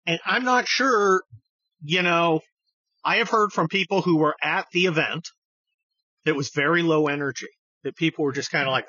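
A man's voice: on the high side, normal speed, pushed and bright, breathy edge, no echo, muffled recording. A man hosting a podcast, delivering a blunt, profane political monologue that rambles with many restarts. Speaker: podcast host.

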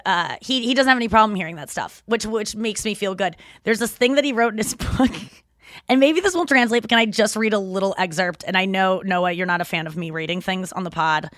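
A woman hosting a podcast in casual chat, rambling and animated, laughing often as she talks. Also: mid-range voice, a little fast, no room sound, studio quality. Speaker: podcast host.

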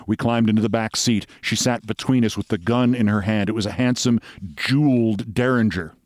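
A man reading a comic mystery story aloud in a steady, dry storytelling voice. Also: lowish voice, fairly quick, no echo. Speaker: narrator.

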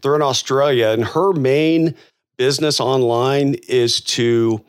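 A man's voice: mid-range voice, fairly even intonation, slow, clear, resonant tone. A middle-aged man from the United States co-hosting a podcast in casual chat, talking in a loose, friendly way with many fillers and restarts. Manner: chatty, laughs at own jokes, many fillers and restarts. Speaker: podcast co-host.

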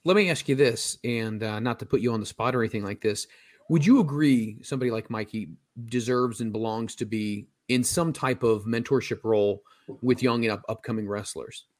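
A man's voice: mid-range voice, brisk, dry recording, clean studio sound. A man hosting an interview, asking long, conversational questions. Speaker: interview host. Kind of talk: casual interview.

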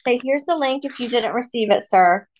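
A woman with a high voice, chatting casually as a podcast co-host. She is blunt and expressive, with a self-mocking streak. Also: normal speed. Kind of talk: casual chat.

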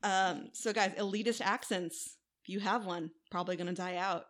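A woman's voice: mid-range voice, steady tone, normal speed, fairly bright tone. Woman, from the midwest, podcast co-host, chatty history storytelling, wry asides. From American Midwest. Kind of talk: casual history podcast chat.

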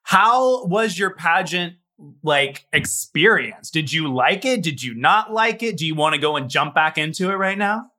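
A man's voice: a little high, animated, measured pace, bright, forceful tone. A man interviewing a guest, sharing his own stories openly and casually.

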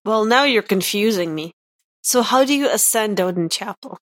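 A woman's voice: mid-range voice, expressive, normal speed, no echo. A woman co-hosting a podcast in casual chat, asking playful questions and giggling often. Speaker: podcast co-host.

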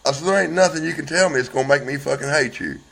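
A man's voice: fairly high pitch, fast, gravelly, fairly bright tone, husky, rough recording. A man telling his story in a rambling, blunt way, swearing constantly and acting out both sides of an argument.

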